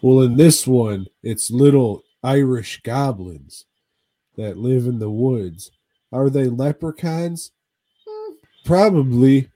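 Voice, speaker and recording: Sex: man. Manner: slow, profane, rambling. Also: mid-range voice, expressive, dark tone, no echo. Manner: profane, rambling, drawling recap. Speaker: podcast co-host. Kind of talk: casual movie recap chat.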